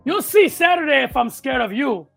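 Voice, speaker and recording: A man's voice: extremely high pitch, expressive, moderate pace, vocal fry, faint music behind, heavily acted. Man putting on a defiant French Canadian fighter. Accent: put-on French Canadian. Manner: challenging, emphatic.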